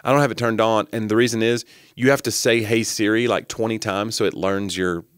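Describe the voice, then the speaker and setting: A man co-hosting a podcast, telling animated, jokey stories in casual chat. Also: lowish voice, fairly quick, smooth, no echo, clean studio sound. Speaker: podcast co-host.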